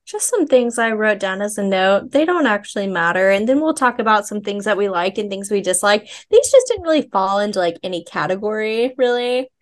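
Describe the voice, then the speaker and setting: A young woman co-hosting a podcast, chatting casually about a book, animated and laughing often. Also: medium pitch. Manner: animated, quotes characters in quick asides, laughs often. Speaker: podcast co-host. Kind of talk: casual book-discussion chat.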